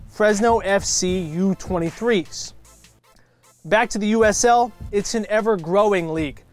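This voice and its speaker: A man narrates a local sports broadcast in a clear, measured, scripted delivery. His voice sits high for a man, and faint music plays beneath it.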